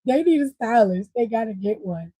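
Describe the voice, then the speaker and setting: A woman's voice: on the high side, lively intonation, normal speed, warm tone, dry recording, rough recording. A woman hosting a casual wrestling recap, blunt and profane, breaking into laughter and side comments.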